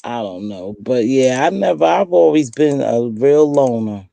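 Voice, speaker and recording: A woman in her sixties hosting a casual late-night chat, telling lively stories and acting out the voices she quotes. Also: extremely low pitch, measured pace, gravelly, dry recording. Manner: lively storyteller who acts out quoted voices. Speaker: host.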